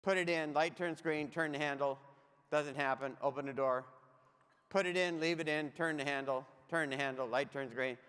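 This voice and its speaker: A man with a high, bright-sitting voice tells funny travel stories as a keynote speaker. He talks right to the crowd with comic timing. His voice rings out with a long hall reverb behind it. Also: steady tone, normal speed, smooth. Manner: comic, anecdotal, addresses the audience directly. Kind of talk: humorous keynote storytelling.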